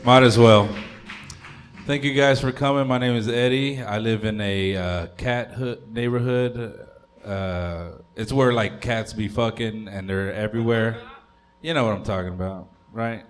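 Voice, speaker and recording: Low-voiced rambling male stand-up comic. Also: faint music behind. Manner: rambling, crude, halting with fillers. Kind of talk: stand-up comedy set.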